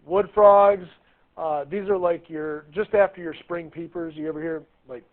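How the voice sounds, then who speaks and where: A man lecturing a classroom, his voice a bit higher than most, chatty and fond of little jokes and questions to the students. The recording is thin and tinny, like a phone line. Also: fairly even intonation, normal speed. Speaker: high school biology teacher.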